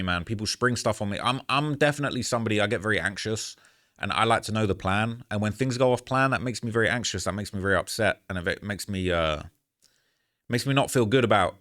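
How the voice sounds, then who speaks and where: Frustrated man with a low voice, rambling candidly. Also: fairly bright tone. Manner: frustrated, earnest. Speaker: YouTuber recounting a story to camera. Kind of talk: casual storytelling monologue.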